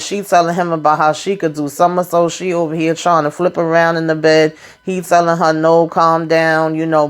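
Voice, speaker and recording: A woman giving a chatty, slangy recap of a TV episode, talking straight to her viewers. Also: fairly low pitch. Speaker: TV recap vlogger.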